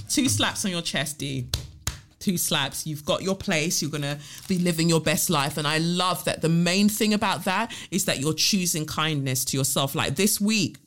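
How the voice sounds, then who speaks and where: A woman hosting a solo podcast, animated and emphatic, swearing freely as she answers listener letters. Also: sits low, moderate pace. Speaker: podcast host.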